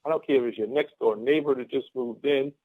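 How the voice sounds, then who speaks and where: Over a phone-line conference call, a hyped-up man gives a team a motivational pep talk as a guest speaker. His mid-range voice moves fast, and he's exuberant and repetitive, laughing often.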